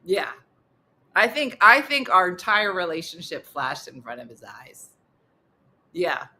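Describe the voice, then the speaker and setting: A woman's voice: fairly low pitch, sing-song, unhurried, bright, forceful tone, slightly rough. A middle-aged woman hosting a morning show, telling a funny story in a casual way and laughing often as she goes.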